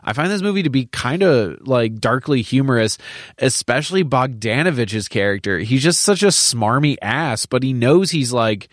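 A man's voice: medium pitch, expressive, moderate pace, dry recording, studio quality. A man co-hosting a podcast, talking casually about a film, candid and profane, with many fillers and restarts. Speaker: podcast co-host.

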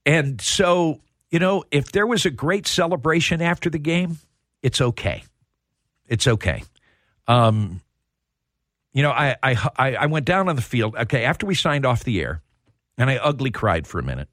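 A man's voice: mid-range voice, sing-song, normal speed, a bit bright, no echo, clean studio sound. A middle-aged man hosting a sports talk radio show, telling heartfelt stories with plenty of restarts. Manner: heartfelt storytelling.

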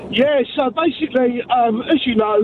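A man from the UK with a British accent, calling into a radio show and telling a story in an excited, chatty way. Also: very high voice, normal speed. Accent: British English. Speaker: caller. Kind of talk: phone-in call. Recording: tinny phone line with faint noise.

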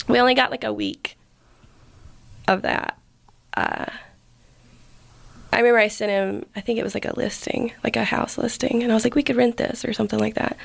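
A woman's voice: medium pitch, vocal fry. A woman, a podcast guest, telling a personal story in a casual, filler-heavy way and acting out the lines of the people in it. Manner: casual, filler-heavy, acts out quoted speech.

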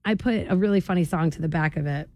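Young female morning radio host, bubbly, teasing, quick to laugh; studio mic. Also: lowish voice, darkish tone, dry recording.

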